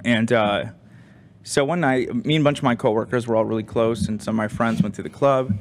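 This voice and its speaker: A young man on a show's crew telling a rambling story in a casual, animated way, with lots of fillers. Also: medium pitch, fairly quick. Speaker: crew member.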